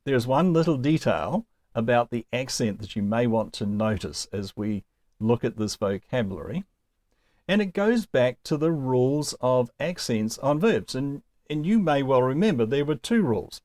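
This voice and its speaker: Male teacher, earnest and emphatic, mid-pitched, dry close recording. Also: very animated, normal speed, darkish tone, no room sound. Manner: earnest, emphatic, with asides to the learner. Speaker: Greek teacher. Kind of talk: recorded video lesson.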